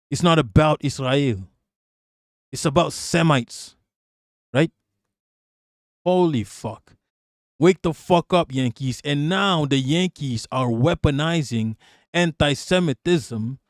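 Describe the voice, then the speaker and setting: A man's voice: a little high, no room sound, studio quality. A man giving a heated, profane live-stream rant, often repeating words as he pushes on.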